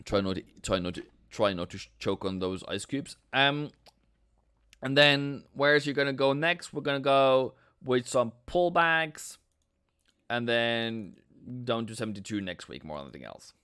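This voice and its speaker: An animated Norwegian man hosts a casual forex trading stream, bantering with viewers and tossing out silly sound effects in a playful way. He talks at a moderate pace, his medium-pitched voice a bit bright and clean.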